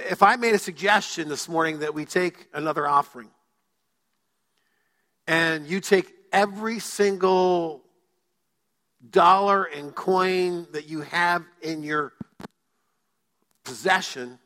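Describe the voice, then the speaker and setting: Bright high-voiced male pastor preaching. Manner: joking with the congregation, dramatic pauses. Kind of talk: sermon. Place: church sanctuary. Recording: long hall reverb.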